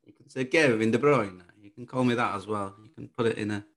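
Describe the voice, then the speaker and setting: A man of middle pitch, co-hosting a casual podcast. He banters in a playful, teasing way and jokes with the host. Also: quick pace.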